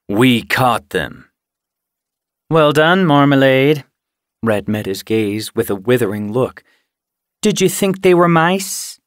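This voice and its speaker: A man reading an audiobook in scripted, measured narration. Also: on the low side, no room sound, studio quality. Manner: measured, unhurried storytelling.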